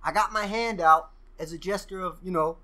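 A man guest telling casual stories, profane and animated, acting out what people said. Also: high voice, moderate pace. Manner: profane, animated storyteller who acts out quoted exchanges. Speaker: podcast guest. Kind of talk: casual storytelling.

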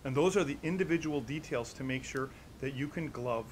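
A man's voice: medium pitch, a little fast, slight background noise. A man teaching as a doctor, demonstrating a hands-on technique and repeating the key steps with emphasis. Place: studio against a black backdrop.

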